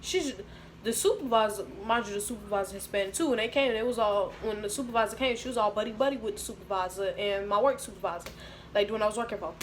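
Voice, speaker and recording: A young woman telling a storytime to her viewers, animated and slangy. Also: medium pitch, quick pace, a little hiss or hum. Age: young adult. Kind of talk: casual storytime.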